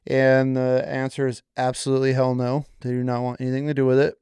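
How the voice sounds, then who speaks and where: A man's voice: medium pitch, monotone, fast talker, darkish tone. A man hosting a podcast in casual chat, laid-back and blunt, swearing casually. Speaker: podcast host.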